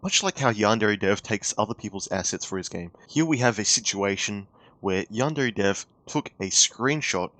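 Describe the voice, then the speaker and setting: Ranting man, dry low voice. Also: expressive, normal speed, fairly bright tone, dry recording. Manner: profane, exasperated, ranting. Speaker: YouTube commentator. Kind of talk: heated commentary rant.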